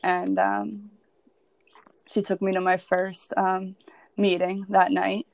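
Candid woman with a flat voice. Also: medium pitch, slow, dry recording. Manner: candid and emotional, heavy with "like" and "um" fillers. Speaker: podcast guest. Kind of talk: personal storytelling.

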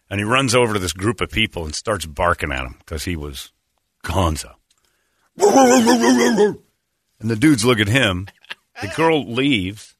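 A man's voice: low voice, no echo. A man hosting a radio show, telling rambling stories in casual banter and acting out what people said. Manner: rambling, animated, acts out quotes.

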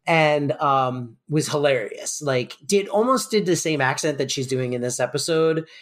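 A man's voice: fairly high pitch, moderate pace, fairly bright tone. A man co-hosting a podcast, casually recapping a sitcom episode in a loose, rambling way. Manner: loose and rambling, lots of fillers like "like" and "um". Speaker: podcast co-host.

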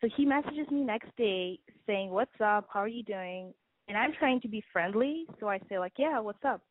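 A woman's voice: medium pitch, animated, moderate pace, dry recording. A woman in her twenties calling in to a radio show, telling a rambling story full of "like"s. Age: 20s. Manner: rambling, chatty storytelling with many "like"s. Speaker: caller. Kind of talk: call-in story. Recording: dry, tinny phone line.

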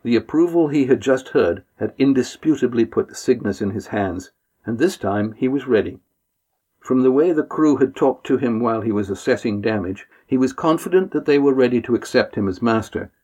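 Man, husky voice, audiobook narration, calm and even. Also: medium pitch, moderate pace, highs cut off. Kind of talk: scripted narration.

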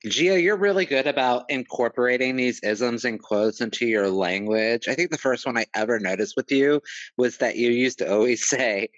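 A man's voice: medium pitch, normal speed, dry recording, muffled recording. A man co-hosting a podcast, joking and laughing often in casual chat. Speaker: podcast co-host.

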